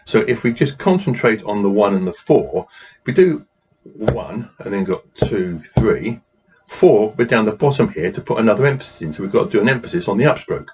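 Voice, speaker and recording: A man's voice: fairly low pitch, expressive, brisk. A man running a drumming workshop, patiently explaining rhythms and counting beats aloud while he plays. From England. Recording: dull lo-fi sound with noise.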